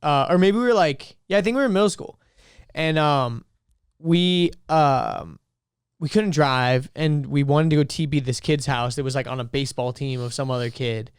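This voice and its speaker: A man's voice: a little high, normal speed, clear, resonant tone, dry recording, studio quality. A man co-hosting a podcast, telling a rambling story in casual chat. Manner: rambling, self-correcting storyteller. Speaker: podcast co-host.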